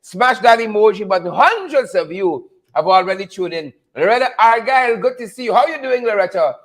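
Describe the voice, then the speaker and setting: A male podcast host greeting viewers by name on a live stream, energetic and hype. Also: high-pitched, brisk.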